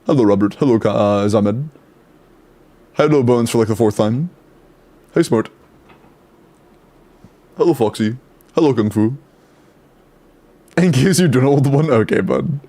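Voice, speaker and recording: A young man streaming live, casually chatting and greeting viewers in quick succession, swearing now and then. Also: medium pitch, mellow. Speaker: streamer reviewing game accounts.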